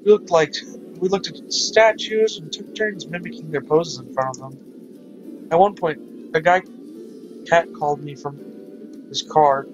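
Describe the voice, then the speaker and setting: Animated let's-play host reading aloud. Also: male voice, on the high side, highs cut off. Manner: animated, laughs and reacts loudly. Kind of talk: reading a visual novel aloud with commentary.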